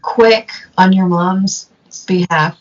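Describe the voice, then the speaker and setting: A woman co-hosts a casual podcast, chiming in with brief supportive remarks. Her voice sits low and she speaks slowly. The recording has a dull, lo-fi sound. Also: steady tone. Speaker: podcast co-host. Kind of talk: casual chat.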